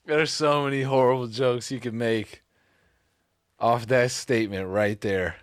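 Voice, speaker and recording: A man's voice: medium pitch, steady tone, measured pace, smooth, no room sound, clean studio sound. A man reacting casually on a live stream, laughing often and swearing freely.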